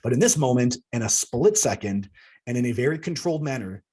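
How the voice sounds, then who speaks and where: An author reads aloud from his own book about alien contact, earnest but throwing in casual asides to the audience and breaking into laughs at himself. His mid-range voice is warm and husky, brisk, with lively intonation.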